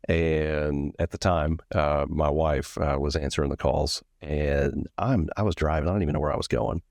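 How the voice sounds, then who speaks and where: Very deep-voiced man telling a story. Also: steady tone, moderate pace, gravelly, darkish tone, no room sound, clean studio sound. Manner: candid and profane, acts out both sides of a story. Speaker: podcast host. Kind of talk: casual storytelling.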